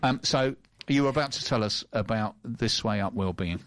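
A man's voice: on the low side, normal speed, a bit bright, no room sound. A man hosting a casual radio chat show, joking and teasing his co-host. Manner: jokey, teasing banter.

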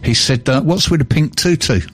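A man's voice: mid-range voice, breathy edge. A man from England hosting a casual radio chat show in a studio, chatty and teasing. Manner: chatty, teasing, quick to laugh. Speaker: radio host.

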